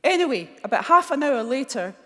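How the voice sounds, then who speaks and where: A middle-aged Scottish woman giving a keynote speech, telling blunt, animated stories and acting out the dialogue. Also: sits high, brisk. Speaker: keynote speaker. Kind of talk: motivational keynote storytelling. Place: large conference hall. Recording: long hall reverb.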